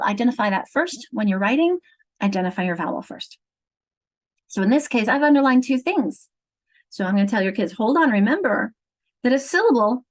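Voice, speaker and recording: A woman's voice: on the high side, low-quality recording. Patient woman teaching reading online. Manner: clear, patient teacherly explaining. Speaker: literacy trainer. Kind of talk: online teacher training lesson. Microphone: video call.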